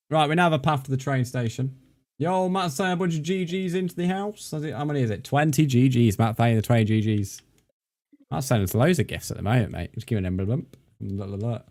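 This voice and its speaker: His voice sits in the mid range and is a little mellow. He's a streamer casually chatting and rambling as he plays a game, thanking viewers by name.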